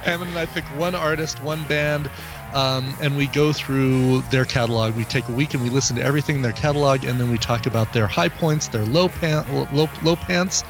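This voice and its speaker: A man's voice: medium pitch, brisk. A man hosting a casual music podcast, rambling and jokey, often stopping to restart his sentences. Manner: rambling, self-interrupting, jokey. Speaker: podcast host.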